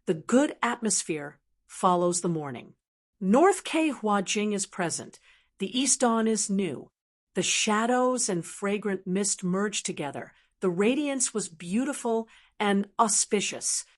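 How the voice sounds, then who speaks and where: An eager male court scholar solemnly reciting verse, as a woman reads him in an audiobook. The delivery is even and measured, at a middling pitch. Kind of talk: audiobook narration.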